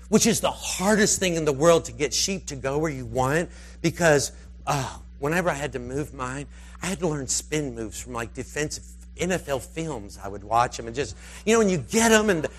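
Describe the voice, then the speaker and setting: A man preaching, telling a rambling, animated story and slipping into the voices of its characters. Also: a little high, normal speed. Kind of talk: storytelling sermon.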